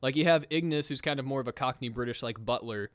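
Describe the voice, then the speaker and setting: A man co-hosting a casual gaming podcast, talking fast and excitedly, laughing and mimicking game characters. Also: mid-range voice, no echo. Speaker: podcast co-host.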